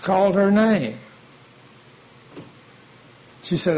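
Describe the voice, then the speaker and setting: A man's voice: a little high, measured pace, a little mellow. A man preaching a sermon, telling a folksy story and acting out the dialogue. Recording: dull lo-fi sound.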